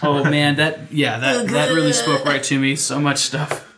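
Casting note: chatty man, slightly higher voice, casual podcast co-host, quick to laugh. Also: level tone, a bit bright. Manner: chatty, laughs often, does silly voices in anecdotes. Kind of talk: casual chat.

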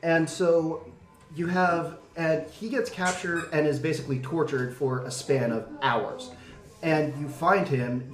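A young adult man in casual podcast chat, telling a story earnestly with many fillers. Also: medium pitch. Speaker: podcast panelist. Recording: roomy, from a distance.

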